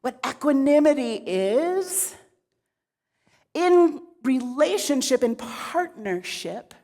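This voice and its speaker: A woman minister giving a sermon in a relaxed, conversational way with frequent asides. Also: a little high, long reverb tail. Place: church sanctuary.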